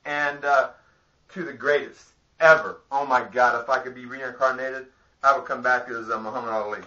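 A man's voice: medium pitch, fairly even intonation, moderate pace, bright, forceful tone. A man rambling a profane, boastful comic monologue to camera, laughing through his own jokes. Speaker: vlogger. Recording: dull lo-fi home video audio.

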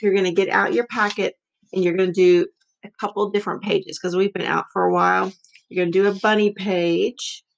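A woman's voice: mid-range voice, fairly even intonation, a little fast, creaky, lo-fi sound. A woman teaching a remote phonics lesson to young children, patiently sounding out letters again and again.

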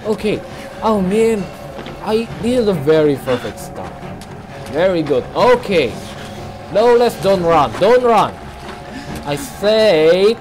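A man narrating his own horror gameplay in broken English, dropping to hushed muttering and then breaking into panicked shrieks. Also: high voice, big pitch swings, slow pace, pauses often, over music. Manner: non-native English with broken grammar. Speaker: gameplay streamer. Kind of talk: horror game commentary.

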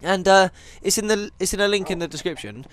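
A man's voice: sits high, brisk, fairly bright tone, slight background noise. A man playing a video game and chatting to viewers, joking and going off on tangents as he plays. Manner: rambling, jokey, goes off on tangents; talks to viewers and animals in game. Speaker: gaming channel host. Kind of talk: Minecraft let's play commentary.

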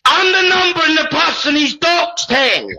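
A man's voice: very high-pitched, expressive, moderate pace, vocal fry, bright, forceful tone, a little hiss or hum, low-quality recording. A Scottish man on a heated group call, insistent and accusing. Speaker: live stream participant.

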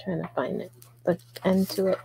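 A woman with a low, dark, gravelly voice hosts a live crochet stream from home. She talks slowly and casually, reading out viewer comments and murmuring her stitch counts as she works. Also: flat delivery, low-quality recording. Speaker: crochet livestream host. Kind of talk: casual live tutorial chat while crocheting.

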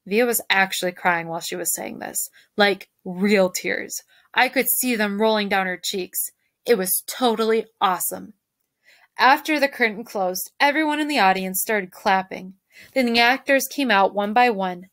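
A woman, a teacher, reading a children's novel aloud to her class in a lively storytelling manner. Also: mid-range voice, normal speed, no room sound. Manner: lively, shifts voices for characters.

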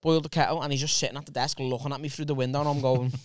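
A man's voice: mid-range voice, steady tone, no room sound. A man with a Liverpool accent, co-hosting a comedy podcast and telling crude, punchy stories. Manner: crude, fast, punchy storytelling. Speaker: podcast co-host. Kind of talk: casual storytelling chat.

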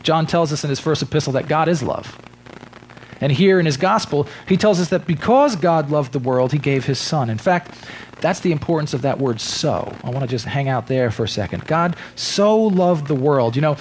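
Male pastor preaching, higher voice. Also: brisk, a little hiss or hum, rough recording. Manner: emphatic preaching, stretching key words. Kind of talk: sermon. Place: church sanctuary.

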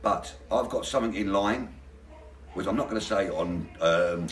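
Deep-voiced man, earnest and resolute, far off. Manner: earnest, resolute, halting with fillers. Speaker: demonstration organizer being interviewed. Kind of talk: casual interview answers. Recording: echoey room, distant mic.

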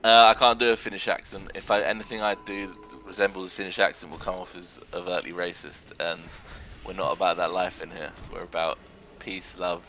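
A young man giving sarcastic, excitable commentary on a video game match and swearing now and then. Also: deep voice, fairly quick, soft background music. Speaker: arena commentator.

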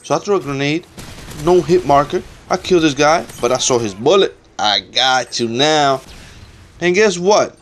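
A man's voice: medium pitch, expressive, a little slow. A young man giving casual, trash-talking commentary over his own gameplay, swearing often and getting exasperated.

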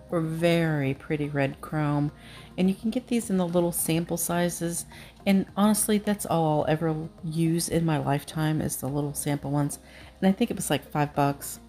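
A woman's voice: sits low, a little mellow. A woman narrating a nail art tutorial at home, chatty and self-deprecating, with frequent ums.

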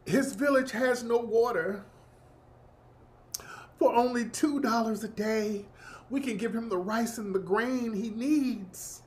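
A man putting on the voice of a soft-spoken woman narrating a charity appeal, hushed, syrupy and pleading. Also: very high-pitched, slow.

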